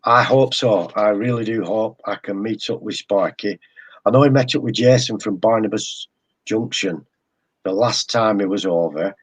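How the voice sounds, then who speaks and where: English guy, low and a bit raspy, chats slow and stumbles over words. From England. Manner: hesitant, repeats words, chuckles often. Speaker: guest model railroader. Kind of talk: casual live-stream chat.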